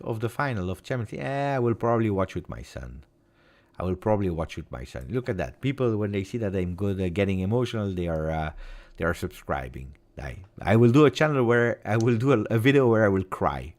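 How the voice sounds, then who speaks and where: A man with an Italian accent chatting on his own live stream, his voice low in pitch but very lively in its rise and fall. He talks in an emotional, heartfelt way, repeating words and moving between loud bursts and near-whispers. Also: quick pace. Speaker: football fan channel host. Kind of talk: casual live-stream chat.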